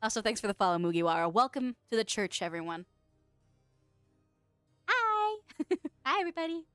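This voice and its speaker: A woman's voice: a little high, very animated, normal speed, fairly bright tone, clear, resonant tone, no echo. A young woman streaming, chatting casually with viewers, reading out their messages and laughing often in a playful, giggly way. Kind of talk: casual livestream chat, reading out chat. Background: faint background music.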